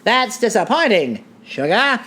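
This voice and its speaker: A woman's voice: on the high side, sing-song, measured pace, a bit bright, husky, exaggerated voice. A woman putting on a hammy 1920s radio announcer voice, making grand proclamations with sarcastic asides. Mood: sardonic.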